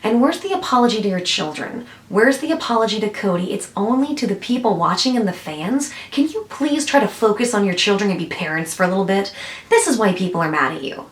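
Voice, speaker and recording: A woman's voice: mid-range voice, animated, a little fast, reverberant. A woman giving blunt, scornful reaction commentary on a video. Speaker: commentary vlogger.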